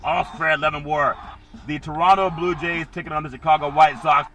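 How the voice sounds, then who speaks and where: A man's voice: a little high, fairly even intonation, a little fast, a bit bright, muffled recording. A man hosting a solo sports podcast, rambling and jokey with sing-song asides.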